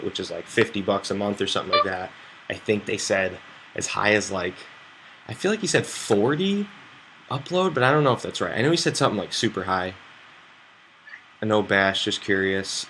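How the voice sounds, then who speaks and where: A young American man talking casually on a poker stream, rambling and swearing as he reads chat. His voice sits fairly low but has a bright, forceful edge. A faint hum of room noise stays underneath. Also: brisk. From United States. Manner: rambling, loose and chatty, swears freely.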